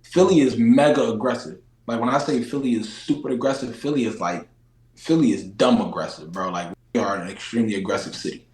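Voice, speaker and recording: Brief Philly-accented man, slangy and animated. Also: mid-range voice, brisk, roomy sound, rough recording. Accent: Philadelphia. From Philadelphia, USA. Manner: animated, slangy, repeats phrases for emphasis. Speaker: interview guest. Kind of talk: casual chat.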